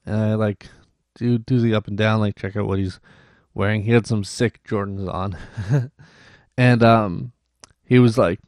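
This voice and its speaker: A man's voice: fairly low pitch, steady tone, unhurried, long pauses, darkish tone, no echo, clean studio sound. A young Canadian man hosting a podcast, rambling through a casual story with many restarts and acted-out quotes. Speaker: podcast host.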